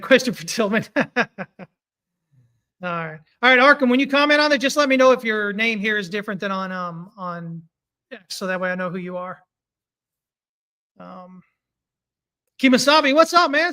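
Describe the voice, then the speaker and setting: A man giving casual live-stream commentary on price charts, reading viewer comments as he goes. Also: high-pitched. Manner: animated, talks through charts, reads viewer comments. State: hiccuping. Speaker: market analyst streaming chart analysis.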